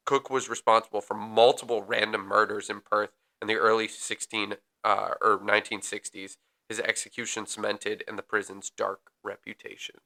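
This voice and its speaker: A man co-hosts a casual podcast and reads prison history from his notes, with plenty of filler ums. His voice sits fairly low but has a bright, forward edge, and he breaks off for offhand jokes. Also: level tone, moderate pace, hardly any pauses. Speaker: podcast co-host.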